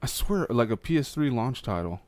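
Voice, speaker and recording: Young man, podcast co-host, eager, short profane reactions, mid pitch, dry. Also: very animated, brisk, a little mellow, dry recording. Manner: enthusiastic, swears, short reactions. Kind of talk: casual chat.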